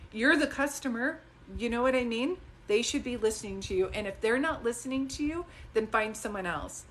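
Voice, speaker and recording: A woman psychic talks casually to her live-stream viewers in a chatty, digressive and animated way, into a phone. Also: fairly high pitch, a little hiss or hum. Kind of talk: casual livestream talk to viewers.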